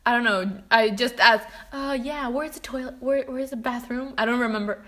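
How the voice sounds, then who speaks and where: A woman's voice: fairly high pitch, moderate pace, fairly bright tone. A young woman co-hosting a podcast, telling stories animatedly and laughing as she acts out scenes. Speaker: podcast co-host. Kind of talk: casual chat.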